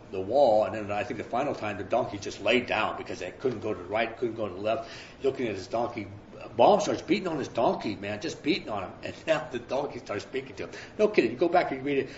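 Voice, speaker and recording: A man's voice: medium pitch, slight background noise. A man preaching a sermon, retelling a scripture story in a loose, conversational way with slang asides. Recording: roomy, dull sound.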